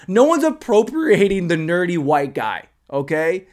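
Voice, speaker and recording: A man's voice: high-pitched, sing-song, a little slow, hardly any pauses. Rambling, profane young man podcasting alone. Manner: rambling, profane, swings between loud rants and muttered asides. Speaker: solo podcaster. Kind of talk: casual comedic monologue. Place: alone in his room indoors.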